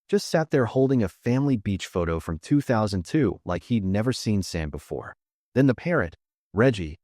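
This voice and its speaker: Man, low voice, lively swinging pitch, dry close sound, sarcastic storytelling. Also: no room sound. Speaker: narrator. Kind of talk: scripted story narration.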